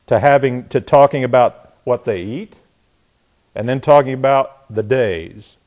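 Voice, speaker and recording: A man's voice: mid-range voice, darkish tone. A man teaching a bible class in a conversational way, trailing off and restarting his sentences with frequent asides.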